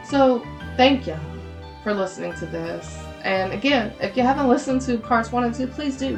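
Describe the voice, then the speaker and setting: A woman with a Southern Louisiana accent hosting a podcast, talking casually and with animation, and saying "y'all" often. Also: mid-range voice. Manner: chatty, animated, heavy use of "y'all". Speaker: podcast host.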